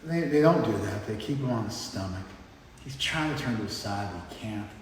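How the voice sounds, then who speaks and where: A man's voice: on the low side, animated, brisk, far from the mic. A man lecturing a class in a loose, conversational way, stopping now and then to check that his listeners follow. His voice sits well back from the mic in a big, echoing hall with a long reverb. A faint hum of noise runs underneath.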